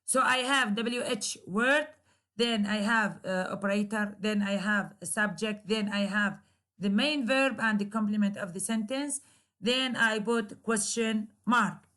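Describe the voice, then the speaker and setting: A woman lecturer whose first language is Arabic, explaining English grammar in a recorded lecture, with many hesitations and pauses. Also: mid-range voice, fairly bright tone. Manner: slow, careful explaining with frequent hesitations. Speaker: university lecturer.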